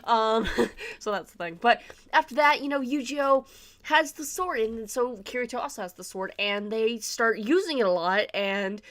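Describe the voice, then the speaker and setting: A young woman hosting a casual anime review video, bubbly and excitable, giggling and acting out her own reactions as she talks. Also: on the high side, normal speed. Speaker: anime reviewer, channel host.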